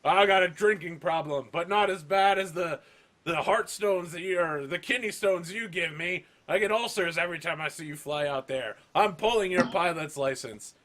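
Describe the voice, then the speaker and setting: A man's voice: sits high, normal speed, fairly bright tone, slight background noise, voice pushed up. A man voicing a weary older male starship executive officer who grumbles in exasperation. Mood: exasperated.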